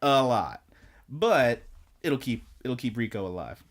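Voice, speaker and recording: A male podcast co-host, speaking a little slowly in a mid-range voice, casually recaps anime episodes. He rambles through the plot and acts out the characters' lines in an animated retelling.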